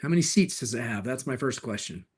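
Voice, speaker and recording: A man's voice: mid-range voice, animated, a little mellow, husky. A middle-aged man hosting a live stream, answering viewer questions in an upbeat, joking way. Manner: upbeat, jokey, quick replies to chat. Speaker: livestream host and car dealer.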